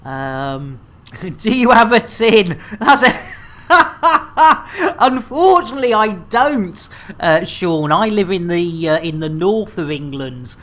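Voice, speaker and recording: A woman's voice: mid-range voice, big pitch swings, slow pace, fairly bright tone. A woman in her thirties streaming a game, chatting in a rambling, jokey way and stumbling over words with many fillers. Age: 30s. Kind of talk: casual livestream chat.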